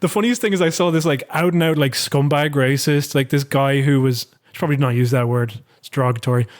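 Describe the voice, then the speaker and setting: A man co-hosting a podcast, telling stories in a rambling, sweary, animated way. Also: medium pitch, quick pace. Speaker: podcast co-host. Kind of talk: casual political chat.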